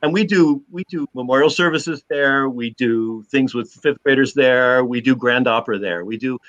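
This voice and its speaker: A man's voice: medium pitch, normal speed, a bit bright, muffled recording. A man who directs a theater, speaking as an interview guest and telling stories about it.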